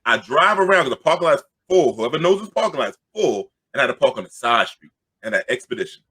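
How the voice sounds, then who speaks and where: A middle-aged man from Queens, telling an animated, jokey story and loudly acting out the crowd. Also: mid-range voice, fast talker, breathy edge. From Queens, New York.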